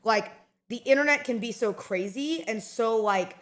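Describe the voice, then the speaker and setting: A woman's voice: a little high, normal speed. A woman streamer in casual chat, rambling and chatty with lots of fillers and restarts.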